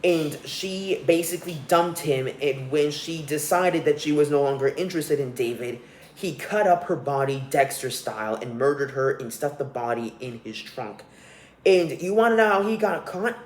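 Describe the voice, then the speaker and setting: A man's voice: fairly high pitch, lively intonation, moderate pace, slight background noise. A young man hosting a solo podcast, ranting with profanity and scorn. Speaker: podcast host. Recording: roomy echo.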